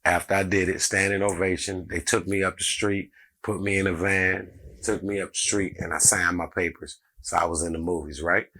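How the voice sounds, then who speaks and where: A middle-aged man, a comedian, telling a story in a casual, animated way and acting out the people in it. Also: sits low, moderate pace. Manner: animated, acts out every character in the story.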